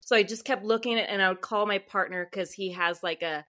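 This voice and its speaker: A woman author, a podcast guest, telling a story in a chatty, animated way with lots of fillers. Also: medium pitch, fairly quick. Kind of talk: casual podcast interview storytelling.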